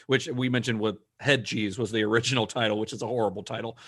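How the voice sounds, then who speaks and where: A man hosting a podcast, recounting history in a relaxed, conversational way with some fillers. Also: fairly low pitch, fast talker. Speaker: podcast host. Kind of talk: casual chat, recounting history.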